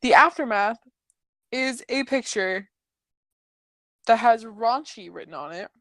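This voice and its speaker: Slow, sardonic woman narrator. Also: fairly high pitch, lively intonation, fairly bright tone, no echo. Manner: sardonic asides. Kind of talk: comedic reading of chat logs.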